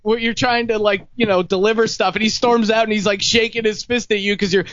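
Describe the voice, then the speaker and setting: A man with a high, light voice tells jokey stories about himself as host of a casual pub chat. The sound is dry and dull, close and without room echo. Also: steady tone, a little fast, fairly bright tone. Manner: jokey, self-mocking storyteller. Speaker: podcast host. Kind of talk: casual bar chat among friends.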